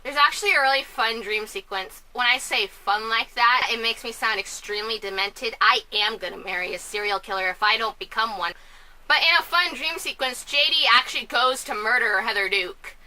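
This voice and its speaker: Woman vlogger at home, high bright voice, rambling and excitable. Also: a little hiss or hum. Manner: chatty, scatterbrained, quick bursts of loud outrage. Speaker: film and musical reviewer. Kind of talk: casual vlog commentary. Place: at home, family asleep next door.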